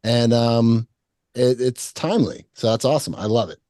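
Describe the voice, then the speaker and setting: A man co-hosts a relaxed podcast and jokes with his friends, laughing often and restarting sentences as he goes. His voice sounds dry and close to the mic. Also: medium pitch, normal speed, no echo. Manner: laughing, joking, restarts a lot. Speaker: podcast co-host. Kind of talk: casual chat.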